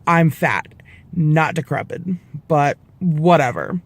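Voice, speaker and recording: Animated, profane man in his twenties. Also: a little high, takes it slowly, no room sound. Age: 20s. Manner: animated, profane, acts out the people he quotes. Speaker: vlogger. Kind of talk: casual storytelling to camera.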